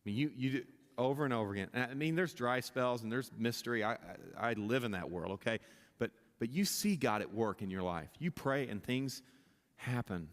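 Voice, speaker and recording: A pastor preaching a sermon, impassioned, often restarting his sentences and building to louder, higher climaxes. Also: a little fast. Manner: impassioned, rising in pitch and volume at climaxes, many restarts. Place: church sanctuary. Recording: long reverb of a church hall.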